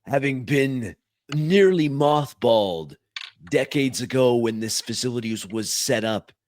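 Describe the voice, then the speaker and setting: A man narrating as game master of a science fiction tabletop game, describing events in a measured way. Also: medium pitch, expressive, darkish tone, slight background noise.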